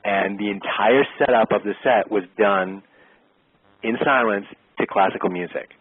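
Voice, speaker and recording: A middle-aged man, an actor and interview guest, telling a lively anecdote and acting out the exchanges he describes. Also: lowish voice, normal speed, breathy edge, dry recording. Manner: lively storyteller who acts out quoted exchanges. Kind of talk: casual storytelling anecdote. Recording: tinny phone-line sound, dry.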